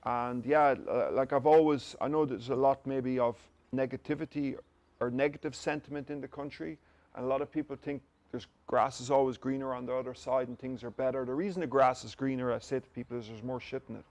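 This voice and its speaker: A company director from Ireland, interviewed as a guest, swaps stories in a casual chat and voices the quoted dialogue himself. He speaks at medium pitch with fairly even intonation, a little fast, with a slightly mellow tone.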